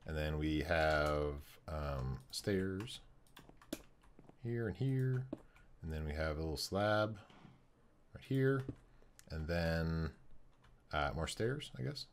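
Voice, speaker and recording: A man streaming a building game, thinking aloud in a casual, halting way with many pauses. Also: rumbling low, a little hiss or hum. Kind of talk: casual live-stream commentary while building.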